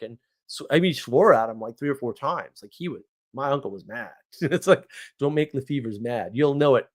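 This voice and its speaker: A man talking live to his stream in a loose, unscripted monologue. He rambles from story to story and keeps checking in with a quick "right?" His voice sits at an ordinary middle pitch, and he laughs easily as he goes. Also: big pitch swings. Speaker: livestream host.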